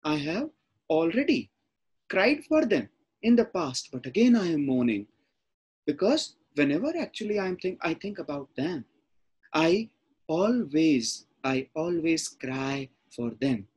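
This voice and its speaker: A man's voice: a little high, sing-song, measured pace, a little mellow, breathy edge, lo-fi sound. A man with an Indian English accent giving a college lecture, paraphrasing a sonnet line by line with lots of repetition. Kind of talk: classroom lecture explaining a sonnet.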